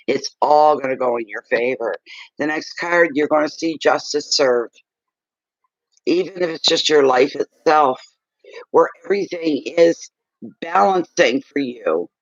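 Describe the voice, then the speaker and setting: A man's voice: fairly high pitch, no room sound, highs cut off. A man giving a live tarot reading, earnest and reassuring, speaking straight to his client and getting teary. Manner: emotional, tearing up. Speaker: tarot card reader.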